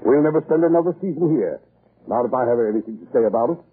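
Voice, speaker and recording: Pompous blustering English lord. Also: male voice, medium pitch, animated, quick pace, breathy edge. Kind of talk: 1940s radio acting. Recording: muffled lo-fi old radio broadcast.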